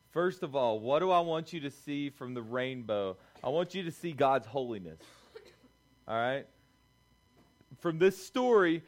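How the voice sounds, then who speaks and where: Animated high-voiced young male preacher. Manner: animated, conversational, acts out quoted voices. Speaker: youth pastor. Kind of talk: lively sermon.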